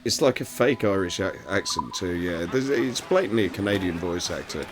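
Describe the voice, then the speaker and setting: A man's voice: deep voice, expressive, normal speed, noisy background. A man giving casual, sarcastic commentary while playing a video game. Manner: sarcastic, mocking. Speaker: let's play host.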